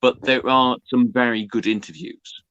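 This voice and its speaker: A man from Northern England, a guest on a casual comedy podcast, talking in a deadpan, defensive way. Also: medium pitch, moderate pace, lo-fi sound, slight background noise.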